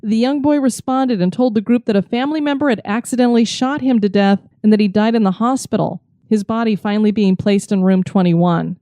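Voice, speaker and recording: Mellow-voiced woman telling a story. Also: mid-range voice, fairly quick, few pauses, no room sound. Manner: lively storyteller. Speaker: podcast co-host. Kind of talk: storytelling podcast chat.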